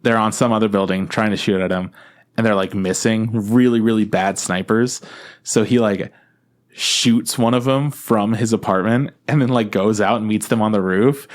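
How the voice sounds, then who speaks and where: A man co-hosting a podcast in casual chat, telling a story in a relaxed way with casual swearing. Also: fairly low pitch, moderate pace. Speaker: podcast co-host.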